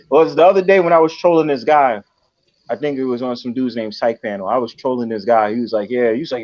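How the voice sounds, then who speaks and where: Host: man, New York accent, slightly high voice, lively storyteller, dull lo-fi stream audio. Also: fast. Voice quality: animated storyteller acting out quoted voices. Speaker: livestream host. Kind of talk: casual chat.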